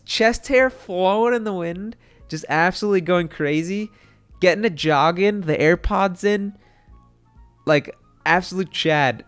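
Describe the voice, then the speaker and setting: A young man telling a story to his stream chat, excitable and rambling, with lots of fillers and swearing. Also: high voice, smooth.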